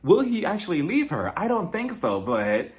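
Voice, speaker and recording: This man's high-pitched voice swings hugely in pitch at a normal speed as he hosts a casual, gossipy reality TV recap, playfully voicing what people said.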